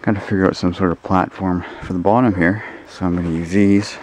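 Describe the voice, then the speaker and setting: A man with a low voice vlogging outdoors on a rural property with horses. He talks bluntly and casually, grumbling and swearing as he goes. There is a steady noisy hiss under the recording. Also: fairly quick. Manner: high sing-song baby talk to a dog. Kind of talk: casual vlog chat.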